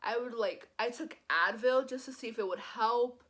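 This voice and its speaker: Young woman rambling thru a storytime vlog, says like a lot, kinda high voice. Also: moderate pace. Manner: animated, says "like" constantly. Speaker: vlogger.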